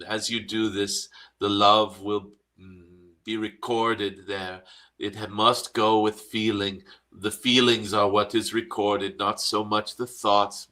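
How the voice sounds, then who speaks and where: Calm benevolent dragon spirit channeled by a man: low-ish, bright voice, serene meditation guide with soft hums. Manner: slow and serene, hums "mm" between phrases. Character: benevolent cosmic dragon spirit, gentle and wise.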